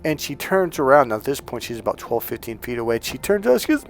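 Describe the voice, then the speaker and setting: A man's voice: mid-range voice, fast talker, hardly any pauses. A man who coaches men on dating, talking casually to his viewers, swearing freely and acting out the people in his stories. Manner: profane, animated storyteller acting out quotes. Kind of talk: casual lecture to camera.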